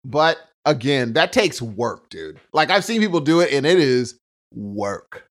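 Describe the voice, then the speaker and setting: A man's voice: mid-range voice, big pitch swings, unhurried. A man co-hosting a podcast in a laid-back, rambling casual chat, peppering his talk with "dude". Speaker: podcast co-host.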